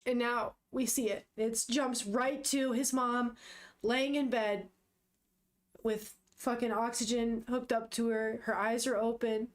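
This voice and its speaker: A woman's voice: fairly high pitch, fairly even intonation, takes it slowly. A young woman with a sniffle, chatting casually and emotionally as she retells a manga, gasping and swearing in shock. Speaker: vlogger reading manga.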